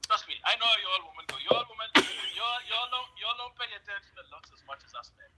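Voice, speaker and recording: A man's voice: sits high, animated, very fast, background noise. A young Bahamian man co-hosting a show, chatting casually in a laid-back, joshing way. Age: young adult. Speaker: radio co-host. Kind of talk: casual chat.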